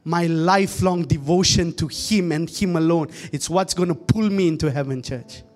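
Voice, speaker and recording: A man's voice: on the high side, normal speed, a little mellow, soft background music. A young man preaching a conversational sermon, often calling out to the congregation and joking in asides. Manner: joking, laughs at his own asides.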